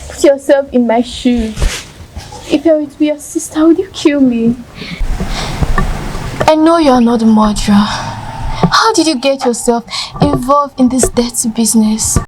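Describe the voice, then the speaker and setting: A woman's voice: sits high, measured pace, long pauses, noisy background. A Nigerian woman playing a frightened kidnapped young woman who begs her captor for her life. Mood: imploring. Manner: pleading, desperate.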